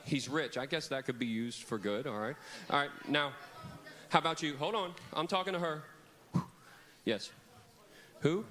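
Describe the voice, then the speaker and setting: Lively man running a kids' church service on a handheld mic, slightly high voice, calls and repeats with the children. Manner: animated, leads call-and-response with kids. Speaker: camp preacher. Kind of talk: children's sermon. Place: large church hall with children. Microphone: handheld microphone.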